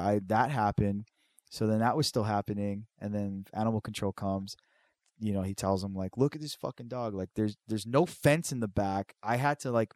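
Young man, casual storyteller, profane and animated, dry close mic. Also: no room sound. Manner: animated, profane, acts out quotes with big pitch jumps.

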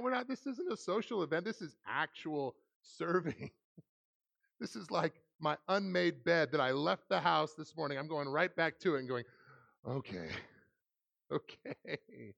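A man in his thirties preaching a sermon in a church, animated and laughing often as he acts out quoted lines. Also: a little high, creaky. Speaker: pastor. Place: church hall.

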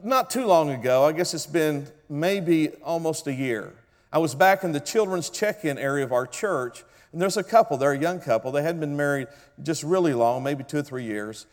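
Man, pastor, sermon, storytelling, calls for congregation replies, fairly high voice, long church reverb. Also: expressive, normal speed.

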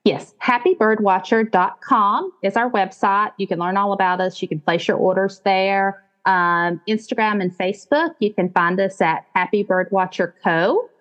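A woman's voice: mid-range voice, normal speed, hardly any pauses, highs cut off. A woman in her late forties with a Southern US accent, telling her story as a podcast guest. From American South. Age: 40s. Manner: warm storytelling, animated, quotes her own thoughts. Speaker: guest, business founder. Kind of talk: podcast interview.

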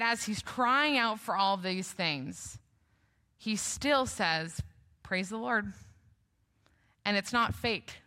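Bright-voiced woman giving a sermon. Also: mid-range voice. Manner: conversational, asks the congregation questions. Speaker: preacher.

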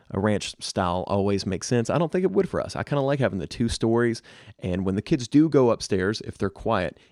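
A man's voice: on the low side, a little mellow, no echo, clean studio sound. A middle-aged man co-hosting a casual podcast chat, talking straight to listeners with practical home advice. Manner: conversational, advice-giving, addresses listeners directly. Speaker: podcast co-host.

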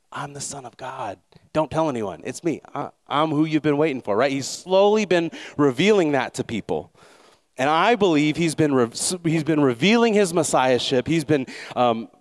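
Man preaching a casual sermon. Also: fairly high pitch. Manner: conversational, with restarts and prayer. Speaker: pastor. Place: church.

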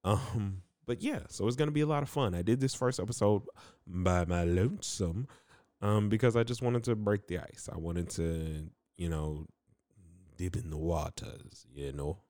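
A man's voice: on the low side, moderate pace, darkish tone, no echo, studio quality. A man hosting a casual solo podcast, rambling upbeat and chummy with lots of fillers and self-mocking asides. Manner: upbeat, chummy, addresses listeners as man and guys. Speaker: podcast host.

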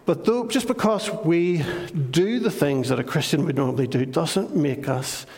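An older preacher gives a sermon full of chatty, self-deprecating stories. His voice sits slightly higher than most men's, and a long hall reverb trails behind his words. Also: normal speed, darkish tone. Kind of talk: sermon with anecdotes.

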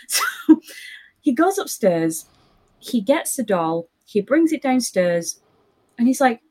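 A young woman telling a spooky personal story in casual chat, lively and quoting others. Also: mid-range voice, measured pace, husky. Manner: animated, quotes others in voices.

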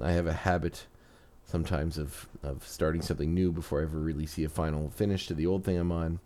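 A man's voice: rumbling low, dark tone. A man hosting a podcast, chatting casually with rambling restarts, then narrating a story. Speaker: podcast host.

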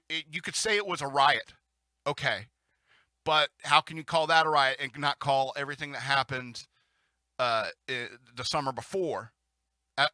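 A man's voice: mid-range voice, pushed and bright, no echo. A man hosting a talk radio show, rambling and chuckling through casual commentary and news reading, with frequent restarts.

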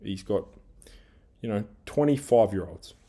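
A man with an Australian accent rants through a solo podcast segment. His voice sits low and dark, and he swears freely as he rambles through his grievances. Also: expressive, unhurried. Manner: angry, heavy swearing, rambling rant; self-described big guy who coaches team training. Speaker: podcast host. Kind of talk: solo ranting monologue.

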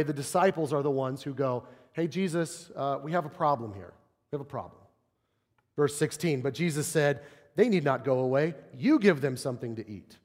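A man delivers a sermon from the pulpit, his slightly high voice animated as he acts out quoted voices, then sinks into soft, low tones to drive a point home. The sound carries the long reverb of a large sanctuary. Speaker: pastor.

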